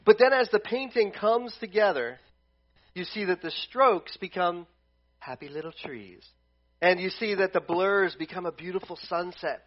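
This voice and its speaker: A male pastor preaching a conversational sermon at a church service, animated and full of restarts. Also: high voice, moderate pace, muffled recording.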